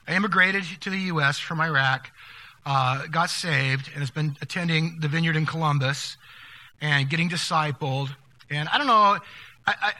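An older man preaching a sermon, telling stories in a conversational way with many restarts, going quiet at the sad moments. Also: on the high side. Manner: conversational, halting with restarts, drops to hushed tones for sad moments. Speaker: pastor. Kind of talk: sermon storytelling.

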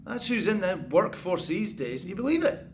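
A man's voice: sits high, sing-song, moderate pace, a little hiss or hum. A man playing a paranoid sleepless tenant. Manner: muttering, taunting, paranoid, bursts into angry shouts. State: exhausted and sleepless. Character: paranoid sleepless male tenant, bitter and unraveling. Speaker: sleepless tenant hearing noises in the walls. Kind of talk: audio drama monologue.

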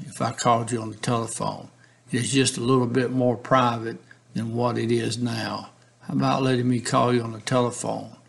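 A persistent male police negotiator, read out by a man, keeps pressing in a gravelly voice with a steady, repetitive rhythm. He coaxes and pleads plainly rather than dramatically, like someone working through a transcript. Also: mid-range voice, lightly acted. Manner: steady, repetitive coaxing reading. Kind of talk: reading a case transcript aloud.

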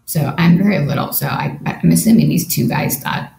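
A woman's voice: deep voice, normal speed, gravelly, mellow, faint music behind. A woman guest in a podcast interview, earnestly retelling a personal experience and voicing her own thoughts along the way. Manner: earnest, vivid retelling with quoted inner thoughts. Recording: roomy echo with faint background noise.

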